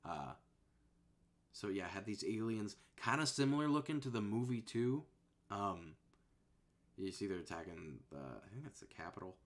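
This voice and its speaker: A man streaming and chatting casually at a desk microphone in a rambling, laid-back way that often trails off softly. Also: on the low side, animated, normal speed, pauses often. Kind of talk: casual chat.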